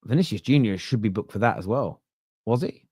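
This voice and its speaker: A man's voice: on the low side, brisk, husky, no echo, clean studio sound. Cockney man hosting a football watchalong. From East End of London. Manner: chatty and self-mocking, with sudden shouted excitement at chances. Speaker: watchalong host. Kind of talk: live football watchalong commentary.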